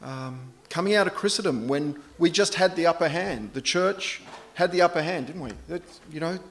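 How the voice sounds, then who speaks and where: A middle-aged man preaching a sermon in a relaxed, anecdotal way, poking fun at himself. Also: a little high, normal speed. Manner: conversational, anecdotal, self-deprecating.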